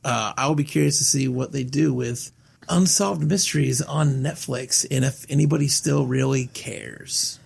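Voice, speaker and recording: Male podcast host, gravelly voice, loose rambling chat. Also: medium pitch, normal speed. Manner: rambling, animated, swears casually. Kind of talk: casual chat.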